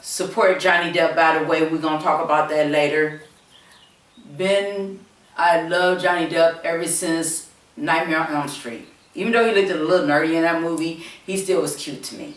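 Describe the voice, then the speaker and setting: A woman's voice: sits low, moderate pace. A woman vlogger chatting casually to her viewers, rambling and hesitant, with many fillers and repeated words. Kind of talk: casual rambling chat to camera. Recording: echoey room, mic set far off.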